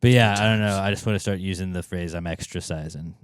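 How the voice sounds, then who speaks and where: A man's voice: fast talker, smooth, dry recording, studio quality. A man co-hosting a podcast in casual chat, telling stories and acting out quotes with big jumps in his voice. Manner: animated storyteller, acts out quotes with big jumps in pitch. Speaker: podcast co-host.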